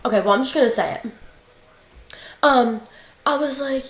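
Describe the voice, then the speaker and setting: A woman's voice: fairly high pitch, lively intonation, moderate pace, long pauses. A young woman telling a story in a casual, blunt, chatty way, swearing freely as she talks. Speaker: livestream guest. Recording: roomy echoey room.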